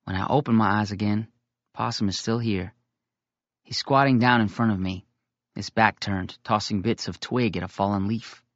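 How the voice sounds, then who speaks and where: A man reading a novel aloud in first person, with steady, measured storytelling. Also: on the low side, no room sound, highs cut off. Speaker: audiobook reader.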